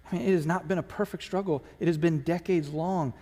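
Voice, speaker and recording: A man's voice: on the high side, steady tone, a little fast, warm tone. A man preaching a sermon as pastor of a church, earnest and emotional, building to fervent emphasis. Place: church sanctuary. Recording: long hall reverb.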